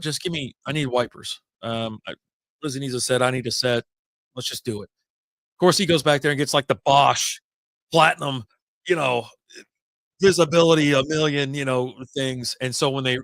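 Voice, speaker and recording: A man hosting a relaxed happy-hour podcast, talking in a mid-pitched voice. He rambles from one anecdote to the next, drops casual curses, and sounds dry and close to the mic. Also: dry recording. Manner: rambling, jumps between stories, swears casually. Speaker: podcast host. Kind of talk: casual beer chat.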